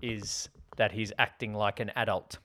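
A man's voice: on the low side, steady tone, moderate pace, sharp tone. A man co-hosting a casual film podcast, chatty and jokey, acting out lines from scenes. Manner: chatty, jokey, acts out quotes. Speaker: podcast co-host.

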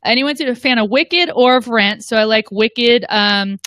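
A woman's voice: a little high, measured pace, fairly bright tone, no room sound. A woman talking as a guest host on a live show, chatty and playful. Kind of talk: casual live show chat.

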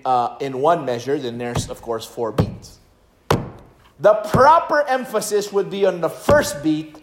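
Slow, high-voiced preacher man. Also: echoey room. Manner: emphatic, sings hymn lines to demonstrate rhythm. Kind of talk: sermon.

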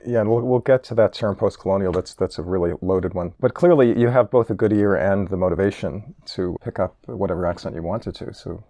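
A man's voice: sits low, brisk, few pauses, warm tone, no echo. A man hosting an interview, asking curious, friendly questions. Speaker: interview host.

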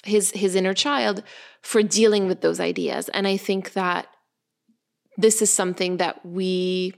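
A woman co-hosting a podcast, talking thoughtfully and in a measured way. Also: mid-range voice, fairly even intonation. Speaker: podcast co-host. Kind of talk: casual podcast discussion.

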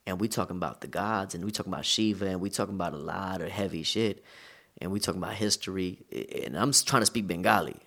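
A man from the United States, a guest in an interview, telling stories in a relaxed, slangy, conversational way. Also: low-pitched, fast. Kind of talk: casual storytelling interview.

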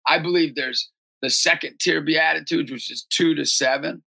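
A man who leads a youth ministry and coaches basketball, telling stories in an animated interview and often jumping into shouts and high-pitched voices. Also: normal speed, gravelly.

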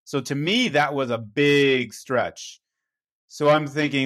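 A man with a slightly higher voice than most, speaking as a pastor. He tells a personal story in a casual, self-deprecating way, often tossing in "right?" to check in with his listener. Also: animated, normal speed, fairly bright tone.

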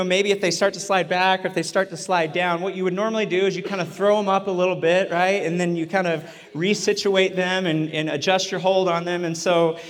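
A man in his thirties telling a funny, self-deprecating story during a sermon, often chuckling. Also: sits high. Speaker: chaplain preaching at a church retreat. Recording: echoey hall sound.

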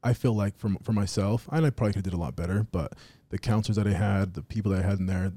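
A man's voice: on the low side, fast talker, dark tone, dry recording. A man in his thirties chatting casually on a podcast, laid-back and filling his talk with "dude" and "you know what I mean.".

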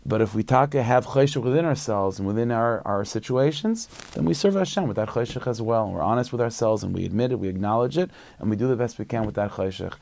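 Gravelly-voiced man telling a sermon story. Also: mid-range voice, animated, darkish tone. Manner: conversational, halting, many restarts. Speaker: religious teacher.

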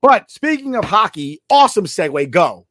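A man's voice: high-pitched, very animated, normal speed, a bit bright, no room sound, studio quality. A young man co-hosting a casual sports podcast, arguing in profane banter. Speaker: podcast co-host.

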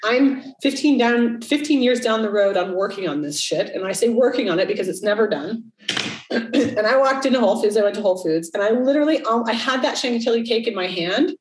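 A woman's voice: fairly high pitch, animated, fairly quick, a little hiss or hum. A middle-aged woman talks frankly on a podcast, dropping curse words. Her voice sounds roomy and a little distant from the mic. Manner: candid, swears freely, acts out quoted voices. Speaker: podcast co-host. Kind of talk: casual podcast chat.

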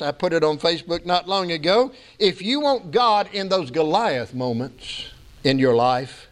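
A male pastor preaching a sermon, earnest, with slow, emphatic stretches. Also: a little high, fairly bright tone.

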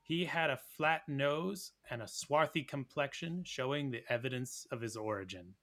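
A man putting on a dungeon master voice to read an ancient chronicle slowly and theatrically. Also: mid-range voice, fairly bright tone, close to an everyday voice. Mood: solemn. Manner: slow, weighty, theatrical reading. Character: grave male fantasy game-master narrator reading an ancient chronicle.

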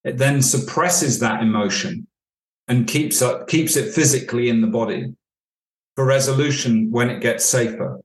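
A man speaks as a podcast guest, a leadership coach with a middle-pitched voice. He tells stories in a measured way, acting out the dialogue. The recording has a noticeable room echo. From United Kingdom. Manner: storytelling, acts out dialogue. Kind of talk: podcast interview answers. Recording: echoey room.

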